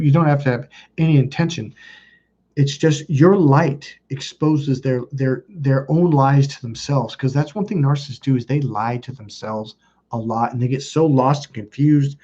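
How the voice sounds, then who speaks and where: Guy in his 30s livestreaming, rambly and blunt, cusses a lot, kinda husky, muffled audio. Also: mid-range voice, moderate pace, mellow. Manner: rambling, blunt, swears freely. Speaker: livestream host. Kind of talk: casual storytelling to a live chat.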